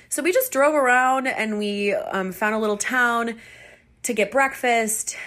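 A woman hosting a podcast tells a personal travel story in a loose, conversational way. She is chatty and animated and laughs easily as she talks. Her voice sits at an ordinary middle pitch for a woman. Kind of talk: casual storytelling.

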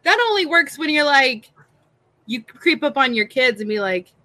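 A middle-aged woman chatting on a podcast over a video call, animated and mock-exasperated. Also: high voice, unhurried, poor audio. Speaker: podcast guest. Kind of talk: casual podcast chat.

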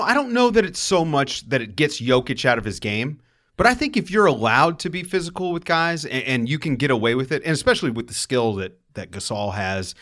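A young man hosts a sports talk show with an upbeat energy. He runs quickly through scores and stats in a mid-range voice. The talk is casual and chatty. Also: medium pitch, fairly bright tone. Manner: upbeat, rapid run of stats and analysis.

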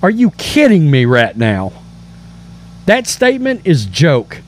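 A man's voice: a little high, huge pitch swings, takes it slowly, slight background noise. A man hosting a political commentary show, reading news aloud and reacting with emphatic indignation and stammered restarts.

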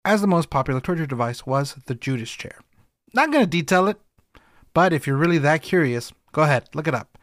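A man's voice: fairly high pitch, animated, brisk, fairly bright tone, dry recording, clean studio sound. A young man co-hosting a comedic history podcast, playful and sarcastic. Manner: playful, sarcastic, breaks into silly voices. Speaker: podcast co-host.

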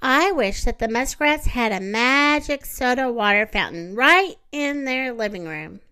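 A woman voicing a kind, cheerful girl rag doll, gentle and hopeful in a storybook reading. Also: a little high, lively intonation, measured pace, clear, resonant tone.

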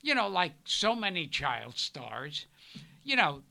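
An older man, a guest on a talk show, telling anecdotes in a halting way and often repeating his words. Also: a little high, big pitch swings, gravelly, sharp tone. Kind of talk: casual storytelling chat.

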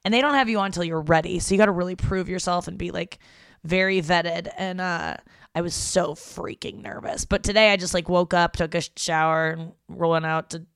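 A woman's voice: on the low side, smooth, dry recording, clean studio sound. A young woman hosting a podcast from home, rambling in a casual, irritated monologue and swearing freely. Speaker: podcast host.

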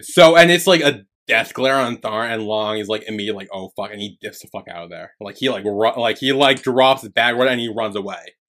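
A man's voice: fairly low pitch, fairly quick, few pauses, fairly bright tone. A man co-hosting a casual podcast over a remote call, spinning a rambling story full of fillers and swearing. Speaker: podcast co-host. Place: remote call from separate homes.

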